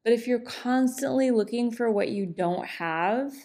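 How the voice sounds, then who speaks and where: A middle-aged woman hosting a podcast, talking off the cuff in a relaxed, chatty way, with many fillers, into a microphone. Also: fairly high pitch, a little slow. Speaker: podcast host and divorce coach.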